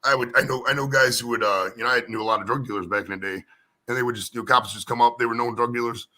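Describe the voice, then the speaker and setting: A man from the United States talks fast in a loose, rambling live-stream chat. His voice is bright and forward, and he keeps tacking "man" onto his sentences and restarting phrases. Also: mid-range voice, fairly even intonation. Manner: rambling, repeats words, says "man" a lot. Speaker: co-host.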